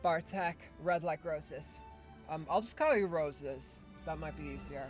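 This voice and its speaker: A woman's voice: low voice, unhurried, faint music behind. A woman streaming live, chatting casually and playfully, with a hyped game-show-host delivery and frequent restarts. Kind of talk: casual livestream chat.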